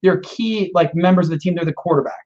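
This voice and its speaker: A man's voice: high-pitched, fast, a little mellow, muffled recording. A man on a podcast explaining his work step by step, acting out his calls with clients. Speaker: loan officer, podcast regular. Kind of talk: casual podcast talk.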